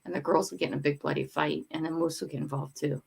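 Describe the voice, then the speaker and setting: A woman's voice: low-pitched, fairly even intonation, fast, creaky, slightly rough. An older woman hosting a casual morning livestream from home, chatting with viewers and talking to her dogs in a rambling way. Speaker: livestream host. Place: home room.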